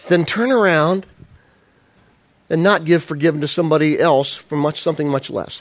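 Preaching in a conversational way, a pastor poses rhetorical questions to his congregation. He speaks fairly quickly, and his voice is a little high.

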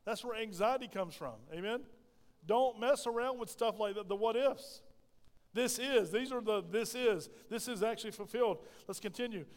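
A man's voice: sits high, moderate pace. A middle-aged man preaching a sermon as pastor, asking the congregation questions and calling for responses. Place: church sanctuary. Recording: long hall reverb.

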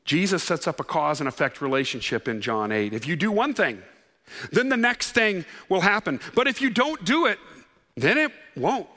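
A male pastor with a high, bright voice delivers an earnest sermon. He asks the congregation questions. His words carry a long hall reverb from the sanctuary. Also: big pitch swings, normal speed.

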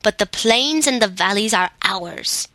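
A woman voicing a fierce, impudent male goblin king who shouts his defiance in anger. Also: mid-range voice, lively intonation, unhurried, no room sound. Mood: defiant.

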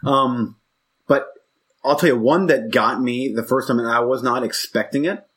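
A man's voice: mid-range voice, moderate pace, a bit bright, breathy edge. A man in his forties co-hosting a podcast, talking in a rambling, reflective way that keeps breaking off and restarting. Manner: rambling, reflective, self-interrupting. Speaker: podcast co-host. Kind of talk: casual chat.

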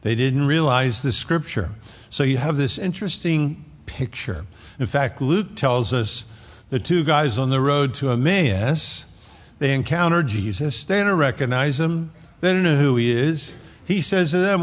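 A pastor with a gravelly voice preaches in a relaxed, conversational way. He slips into quick character voices for the people in his stories. His voice rings out with a long reverb, as though he is speaking in a large sanctuary. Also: medium pitch. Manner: conversational, acts out quoted voices. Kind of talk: sermon.

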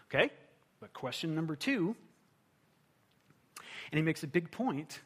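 A man preaching a sermon in a conversational, animated way, often asking rhetorical questions. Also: high-pitched, husky. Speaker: pastor.

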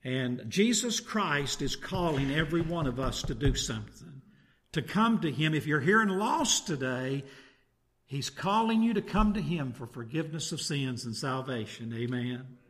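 Man preaching a sermon, slightly high. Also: expressive, normal speed, fairly bright tone. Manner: reads scripture aloud, then preaches with rhetorical tag questions. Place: church.

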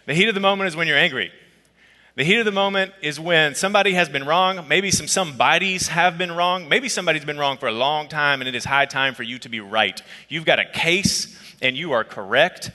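A man preaching a sermon as a pastor, telling a personal story in a conversational, lively way. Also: a little high, brisk, long reverb tail. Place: church auditorium.

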